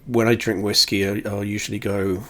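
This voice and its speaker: A man with a somewhat low voice chats in a loose, rambling way, poking fun at himself and dropping the odd swear word. He sits very close to the camera in a small home setup. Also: flat delivery, normal speed, bright, forceful tone. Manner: rambling, self-deprecating, swears offhandedly. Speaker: whiskey reviewer. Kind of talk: casual rambling chat. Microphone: camera very close to face.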